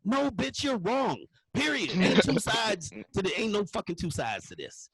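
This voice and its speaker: A middle-aged male stand-up comedian rants in a husky, fairly high voice. His pitch jumps all over as he swears his way through each point. The sound is dry and close. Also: moderate pace, few pauses, no echo, rough recording. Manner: profane, animated, ranting with frequent curse words.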